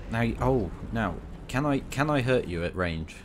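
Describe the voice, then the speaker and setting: Cheeky British man with a lively voice. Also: mid-range voice, normal speed, slight background noise. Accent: British English. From Britain. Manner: rambling, cheeky banter at enemy players. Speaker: gaming channel host. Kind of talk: playing a tank game with commentary.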